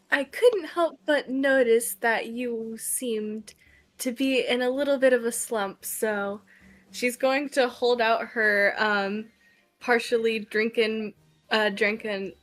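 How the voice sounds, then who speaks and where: A woman's voice: a little high, fairly bright tone. A woman playing a tabletop role-play game, speaking hesitantly with many ums while describing her character's actions. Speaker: player.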